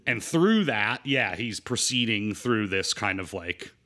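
A man co-hosting a film podcast, talking in a relaxed, rambling way with lots of "like" and "you know". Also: on the low side, a little slow. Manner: rambling, filler-heavy, relaxed. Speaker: podcast co-host. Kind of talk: casual film discussion.

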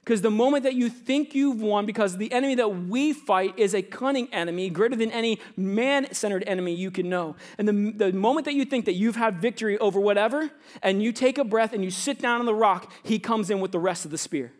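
A high-voiced, fairly quick youth pastor in his thirties gives a conversational sermon for students and young adults. He plays out little scenes as he tells stories, frequently lowering his voice to a hush.

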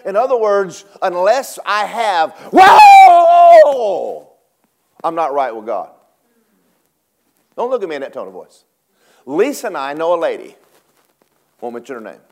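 A man preaching a sermon in a church, dramatic, swinging from shouts down to hushed whispers. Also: fairly high pitch, very animated, normal speed, long pauses, some chatter behind. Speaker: pastor.

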